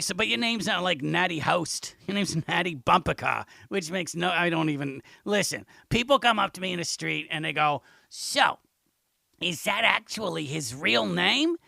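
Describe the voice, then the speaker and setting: A man doing a gravelly, high, defensive pal. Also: pushed and bright, dry recording, exaggerated voice. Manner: defensive, halting, stammering.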